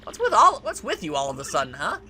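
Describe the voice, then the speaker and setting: A man puts on a young captive princess from a video game, sounding puzzled and questioning. The voice is high and bright. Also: wildly swooping pitch, fast talker, a little hiss or hum, full character voice. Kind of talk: let's play voice acting.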